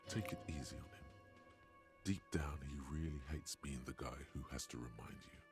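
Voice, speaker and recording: A man voicing a calm, grave male inner-voice narrator for a video game, speaking in a slow, solemn way with a gravelly voice. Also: rumbling low, over music, pitched below the performer's own voice. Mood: soothing.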